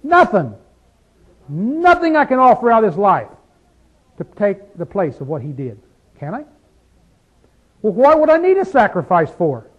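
Preaching his Bible study with fervor, this high-voiced man fires off rhetorical questions and swings from loud to hushed tones. The recording comes across muffled.

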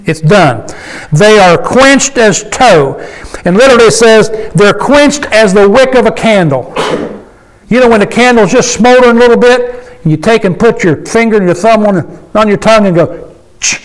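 A man's voice: high voice, a little fast, rough recording. A man preaching a conversational sermon to a small gathering, folksy and emphatic, often asking the congregation questions. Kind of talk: conversational sermon with call and response.

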